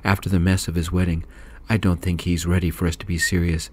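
A man narrating a story in a calm, soft-spoken whispered role-play. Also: deep voice, fast talker.

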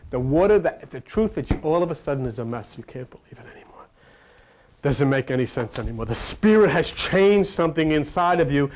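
A male preacher delivering a loose, conversational sermon, his voice leaping up and down in pitch. He tells stories with gusto, slipping into quoted characters and even croaking like a frog. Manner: animated, folksy storytelling with sudden pitch swings. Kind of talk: informal sermon.

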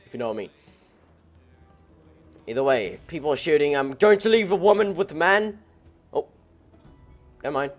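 A man's voice: a little high, moderate pace, long pauses, faint music behind. A man giving casual, joking commentary while playing a video game, laughing often and mumbling when he thinks aloud. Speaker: gameplay commentator. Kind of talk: casual let's play commentary.

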